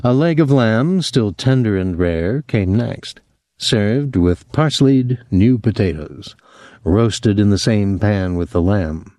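Low, dark-voiced male audiobook narrator. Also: expressive, takes it slowly, no echo, studio quality. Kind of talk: scripted novel narration.

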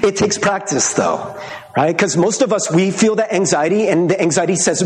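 A man preaching a sermon as pastor, talking in a conversational, animated way and laughing often. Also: sits high, moderate pace, reverberant, long reverb tail. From Michigan.

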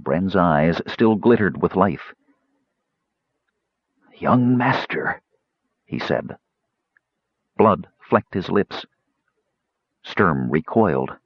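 A man reading an audiobook story in a measured, dramatic way. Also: low voice, breathy edge, dry recording, dull audio. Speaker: narrator. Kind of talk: scripted audiobook narration.

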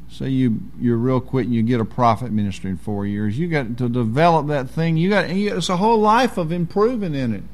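A man's voice: medium pitch, a little hiss or hum. A man preaching a sermon in a folksy, emphatic way.

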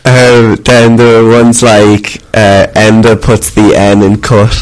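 A man chatting casually on a talk show, relaxed and hesitant. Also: lowish voice, slow pace, low-quality recording. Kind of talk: casual chat.

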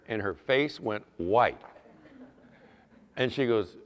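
A man's voice: lowish voice, lively intonation, takes it slowly. A middle-aged man preaching a sermon, telling stories in a conversational way with asides to the congregation. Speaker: pastor. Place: church sanctuary. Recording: long hall reverb.

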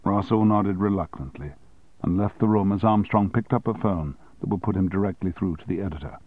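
Dry, steady male audiobook narrator. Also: low-pitched, brisk, no echo, poor audio.

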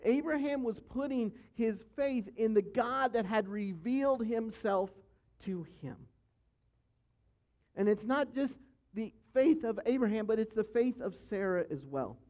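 Man, pastor, earnest sermon, high-pitched voice, dull lo-fi recording. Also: expressive, a little slow, darkish tone. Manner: earnest, emphatic teaching with repetition. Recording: dull, lo-fi sound.

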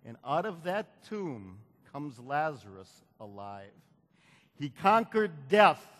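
A man's voice: fairly high pitch, big pitch swings, slow, fairly bright tone. A man preaching a sermon who repeats phrases, builds to emphatic peaks, and calls for the congregation to answer. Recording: long hall reverb.

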